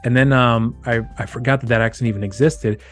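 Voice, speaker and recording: A man's voice: medium pitch, fairly even intonation, a little fast, faint music behind. A man hosting his own channel, giving a casual, rambling film review with many restarts and fillers. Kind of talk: casual movie review monologue.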